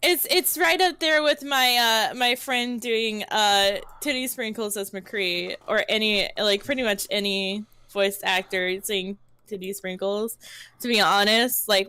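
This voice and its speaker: A woman chats while gaming on a home stream, tipsy and rambling with giggles breaking through. Her voice is bright and forward. The sound is dry and close. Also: mid-range voice, clear, resonant tone, no echo. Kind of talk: casual chat while gaming.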